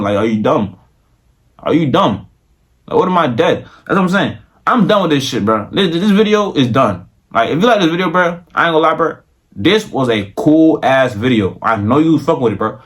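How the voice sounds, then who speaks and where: A young man vlogging straight to camera in casual, slangy, profane talk that rambles and repeats itself. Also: mid-range voice. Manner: slows into mock-grand preaching toward the end.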